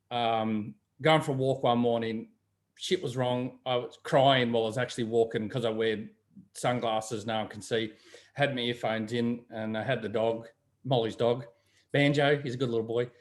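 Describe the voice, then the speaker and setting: A man chats easily as a guest, his pitch sitting in a middle range. He tells stories about people he has met and slips into their voices when he quotes them. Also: steady tone, normal speed. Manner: chatty storyteller, acts out quoted voices. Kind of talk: casual chat.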